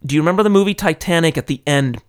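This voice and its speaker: Brief: lively male storyteller, slightly higher voice, close mic. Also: racing, smooth. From California. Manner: animated, dramatic storyteller. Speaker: YouTuber telling a personal story. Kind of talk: casual storytelling monologue. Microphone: close studio microphone.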